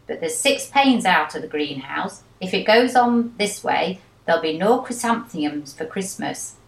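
A woman reading as a calm wartime father. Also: lowish voice, moderate pace, creaky. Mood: matter-of-fact. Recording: echoey room.

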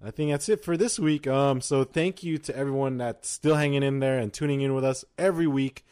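A young man co-hosting a podcast, chatting in a relaxed way, laughing often and wrapping up the episode. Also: mid-range voice, brisk, clear, resonant tone. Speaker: podcast co-host. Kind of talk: casual chat.

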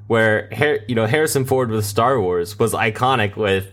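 A man with a lowish voice co-hosts a casual podcast. He speaks haltingly and restarts his sentences as he works through his thoughts. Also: a bit bright. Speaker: podcast co-host. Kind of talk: casual chat.

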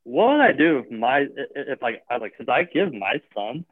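A man's voice: mid-range voice, sing-song, fairly quick, no echo. A man rambles through casual chat, piling on filler words and restarting his sentences. His voice comes through a tinny, phone-like line with a dry, close sound. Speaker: guest; gym owner or coach.

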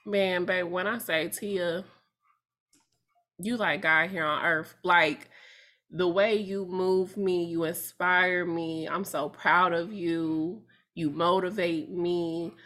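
A woman's voice: fairly low pitch, fairly even intonation, slow pace, a bit bright. A woman co-hosting a podcast, speaking heartfelt and emphatic with slang. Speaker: podcast co-host. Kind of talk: casual chat.

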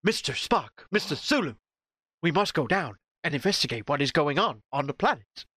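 A man voicing a stiff adult starship captain who gives orders in halting, overly formal speech. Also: on the high side, sing-song, pushed and bright, no echo, clean studio sound, exaggerated voice. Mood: commanding.

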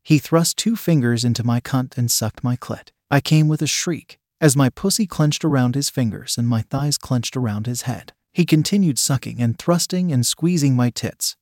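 A man's voice: mid-range voice, moderate pace, hardly any pauses, a little mellow, no echo, clean studio sound. Man reading an erotic story. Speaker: narrator.

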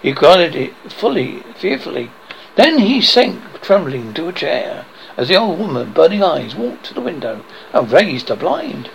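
A man narrates a horror story in a dramatic, somewhat halting read. His fairly high voice has a gravelly rasp. His pitch moves a lot as he tells it. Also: very animated, slight background noise, low-quality recording. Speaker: horror host.

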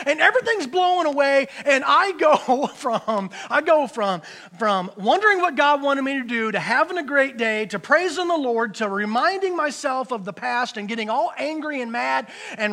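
A middle-aged man giving a personal testimony in church, telling his story in an animated way and often repeating words. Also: very high-pitched.

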